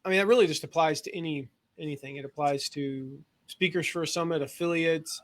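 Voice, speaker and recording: Brief: male interview host, somewhat high voice, loose and chatty, laughs a lot. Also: fairly quick, a bit bright. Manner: chatty, laughs easily, asks rambling questions. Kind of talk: casual podcast interview.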